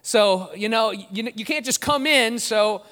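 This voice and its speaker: A man voicing Saint Peter as a stern heavenly gatekeeper who questions newcomers in a brisk, official way. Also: sits high, bright, forceful tone, long reverb tail. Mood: questioning.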